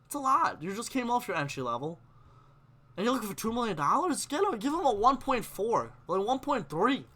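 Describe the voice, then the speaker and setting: A man's voice: extremely high pitch, a little fast. A young man hosting a live sports stream, chatting casually with viewers and getting worked up as he argues his points. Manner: animated, gets worked up, reads chat questions aloud.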